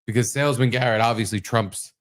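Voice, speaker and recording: Male co-host, mid-pitched voice, crude rambling banter. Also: fast talker. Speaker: podcast co-host. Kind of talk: casual chat.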